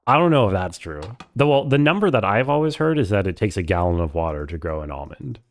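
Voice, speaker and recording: A man's voice: low voice, expressive, fast. A man casually commenting while he plays a story game, chatty and wry and thinking aloud. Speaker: game streamer.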